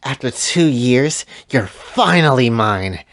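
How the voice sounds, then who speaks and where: A man's voice: mid-range voice, lively intonation, slow, fairly bright tone. A man voicing a scheming female villain who craves despair, speaking in a smug, commanding way in a casual retelling of a story.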